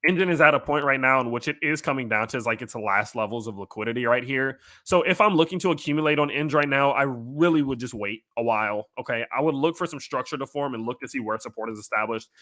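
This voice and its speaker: A man's voice: mid-range voice, fast talker, few pauses, bright, forceful tone. A man with a light Louisiana accent hosting a casual crypto livestream, reading chat questions aloud and answering in a loose, filler-heavy way. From Louisiana, USA. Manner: loose and filler-heavy, with frequent "um" and "you know", speaking directly to viewers.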